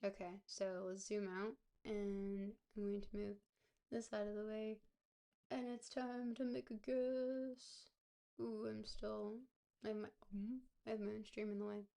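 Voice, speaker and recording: Woman, streamer, hoarse, gravelly smoker-like rasp from a cold, chatty, thinking aloud, close mic. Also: mid-range voice, flat delivery, unhurried, dark tone. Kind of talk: casual live-stream gameplay commentary. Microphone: close desk mic.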